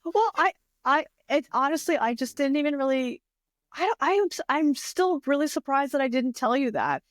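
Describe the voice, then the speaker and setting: A young woman co-hosting a casual podcast, chatting in an animated, rambling way and laughing often. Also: high-pitched, normal speed, no echo, studio quality. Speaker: podcast co-host and author. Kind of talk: casual chat.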